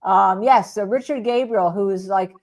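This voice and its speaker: A woman's voice: medium pitch, normal speed, a little mellow. A woman host and attorney in casual chat, chatty with jokey asides.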